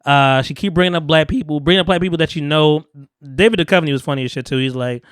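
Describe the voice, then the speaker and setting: A man's voice: fairly high pitch, quick pace, fairly bright tone, clean tone, no echo, studio quality. A man hosting a podcast, casually recapping a movie in a loose, profane way, laughing often and acting out the characters' lines. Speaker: podcast host. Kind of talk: casual chat recapping a film.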